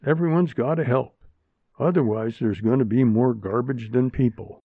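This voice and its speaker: A man's voice: mid-range voice, moderate pace, dry recording, close to an everyday voice. A man voicing a plainspoken, agreeable older man in a storybook reading. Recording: narrow phone-like sound, dry.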